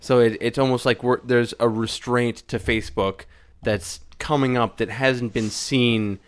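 A man's voice: medium pitch, fairly even intonation, smooth. Wry young man in podcast banter. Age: young adult. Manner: chatty, wry, quick asides. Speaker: podcast co-host. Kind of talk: casual chat.

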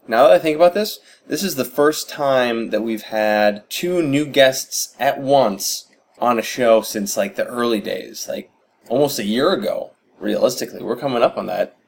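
A man's voice: medium pitch, moderate pace, creaky, slight background noise. Man reading a podcast intro. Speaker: podcast host. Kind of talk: scripted show intro with plugs.

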